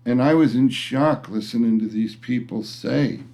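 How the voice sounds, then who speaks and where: A middle-aged man grumbles at an unhurried, drawn-out pace, blunt and cranky as he rambles through his complaints. His voice sits mellow and dark, and he often restarts his sentences mid-thought. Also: mid-range voice, gravelly. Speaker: vlogger. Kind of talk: casual rant to camera.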